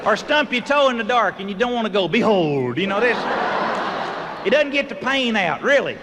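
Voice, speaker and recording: A man telling folksy stand-up stories and bursting into loud voiced sound effects, recorded live. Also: very high voice, lively intonation, brisk, heavy background noise. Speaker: comedian. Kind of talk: stand-up storytelling. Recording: live show recording from a hall with audience ambience.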